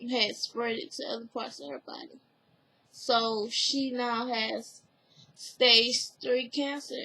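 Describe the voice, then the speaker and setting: Reviewing a TV episode casually, this recap vlogger speaks slowly in a high, slightly bright voice. She's sincere and open with her feelings, wandering as she talks and using "like" and "you know" heavily. The audio quality is rough.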